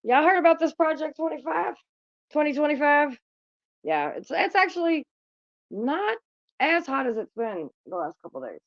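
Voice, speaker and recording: A woman's voice: sits high, very animated, normal speed, no echo, dull audio. A woman hosting a casual livestream, chatting bluntly and with plenty of profanity to her viewers. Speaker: livestream host.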